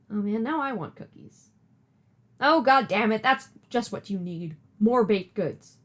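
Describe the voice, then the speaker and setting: A woman's voice: mid-range voice, lively intonation, measured pace. A woman streamer reading a webcomic aloud, with chatty, self-deprecating asides. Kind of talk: casual live reading with commentary.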